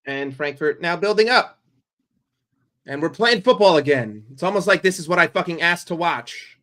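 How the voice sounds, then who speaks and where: A man streaming a football watchalong, calling the play for his chat in a blunt, profane, excitable way. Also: a little high, normal speed. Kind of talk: live play-by-play commentary for a chat.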